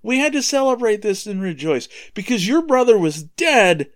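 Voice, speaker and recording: Forgiving old-story father, eager and welcoming, in a high lively voice, as a man reads him. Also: moderate pace. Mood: gentle. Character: overjoyed forgiving father welcoming his son.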